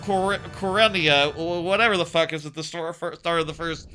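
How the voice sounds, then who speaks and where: A man's voice: fairly high pitch, fairly even intonation, normal speed, sharp tone, faint music behind. A man giving casual gameplay commentary as a streamer, rambling and sardonic, with frequent stammered restarts.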